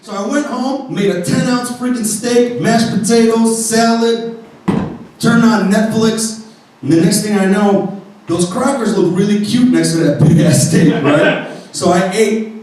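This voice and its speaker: A man tells a stand-up story in a fairly high voice, animated and full of swearing. His voice comes from far off the mic and rings through a very echoey room. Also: unhurried. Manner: animated, profane. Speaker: stand-up comedian.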